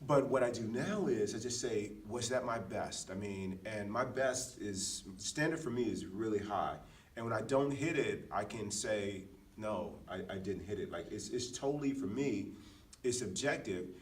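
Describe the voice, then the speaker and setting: A man speaks in a fairly low voice, sharing earnest personal stories on a podcast, often restarting his sentences. He sits a little back from the microphone. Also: moderate pace, far from the mic. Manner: earnest, anecdotal, frequent restarts. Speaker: podcast co-host. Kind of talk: casual reflective chat.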